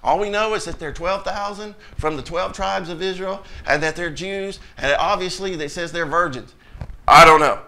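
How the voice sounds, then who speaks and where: Male preacher, bright forceful tone, slightly high pitch; blunt, emphatic sermon delivery. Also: normal speed, creaky, hardly any pauses. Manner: animated, emphatic, blunt, rhetorical questions. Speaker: pastor.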